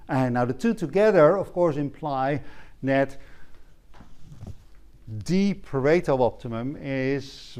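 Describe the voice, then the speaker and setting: A male economics lecturer giving a university lecture, filling pauses with "uh", asking "right?" to check understanding, often clearing his throat, with dry humor. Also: medium pitch, darkish tone.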